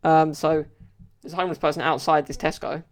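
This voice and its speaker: A man's voice: a little high, flat delivery, brisk. A man hosting a solo podcast, telling stories in a rambling, casual way with plenty of fillers. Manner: rambling storyteller, many fillers. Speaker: podcast host.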